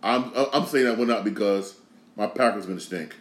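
A man from Connecticut hosting a podcast, ranting casually with slang and a lot of repetition, swinging from loud outrage to low grumbling. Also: normal speed, reverberant. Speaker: podcast host. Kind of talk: casual sports rant.

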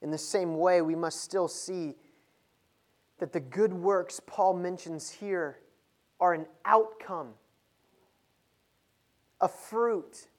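Male preacher, sermon delivery, rises to emphatic peaks. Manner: builds from low and measured to loud and emphatic.

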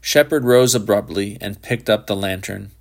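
A man reading a literary short story aloud in a measured, even narration. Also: lowish voice, creaky. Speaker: audiobook narrator.

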